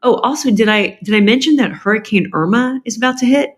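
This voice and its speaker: A middle-aged woman, a podcast guest, telling a personal family story candidly, with quick asides. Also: a little high, animated, slightly rough.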